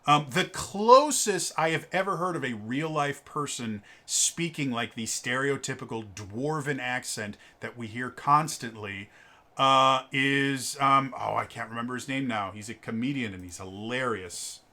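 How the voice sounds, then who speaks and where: A man giving a casual spoken review of a tabletop game book, halting with lots of fillers and stammered repeated sounds, opinionated and exasperated. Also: medium pitch, sharp tone. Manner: opinionated, exasperated about stereotypes.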